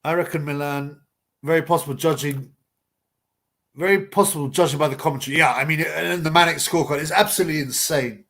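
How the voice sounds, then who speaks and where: A man's voice: a little high, fast, a bit bright. Man, livestream host, rambling, blunt, slangy. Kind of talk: casual live boxing chat.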